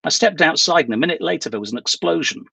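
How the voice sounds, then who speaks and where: A man's voice: on the high side, lively intonation, fast, creaky, bright, forceful tone, slightly rough, no echo, heavily acted. A man reading a novel aloud voices a wary, cross young woman on the run, with clipped replies. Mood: tense.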